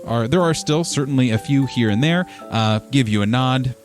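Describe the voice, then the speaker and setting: A man running a tabletop game as game master, describing scenes in a relaxed, rambling way with frequent fillers. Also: medium pitch, moderate pace, faint music behind.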